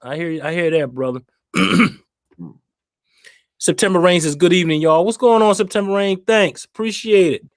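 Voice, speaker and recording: A man hosting a casual live stream, laid-back and quick to laugh, reading out viewer comments. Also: high-pitched, no room sound, studio quality.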